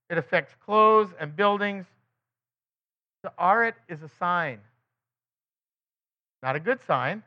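A man giving a conversational sermon as a Bible teacher. He keeps asking the listeners rhetorical questions and breaks into quick acted quotes of other people. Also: high voice, sharp tone. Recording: dull lo-fi recording.

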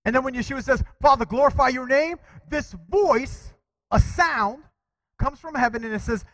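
High-voiced man preaching a lively sermon. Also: normal speed, no room sound, rough recording. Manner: animated preaching, asks the congregation for responses. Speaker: pastor.

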